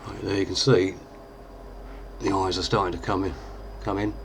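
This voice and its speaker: Guy with a really deep low voice, laid-back chatty makeup how-to, lots of ums, faint hiss behind. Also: moderate pace, gravelly. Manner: relaxed, chatty, with fillers. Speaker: lookalike performer giving a tutorial. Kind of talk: casual makeup tutorial.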